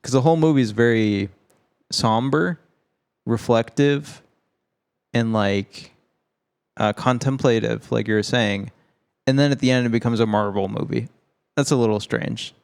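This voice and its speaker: A man co-hosts a casual film podcast in a mid-range voice with a gravelly, creaky edge. He speaks at a measured pace, pausing often, and keeps things loose with jokes and plenty of swearing.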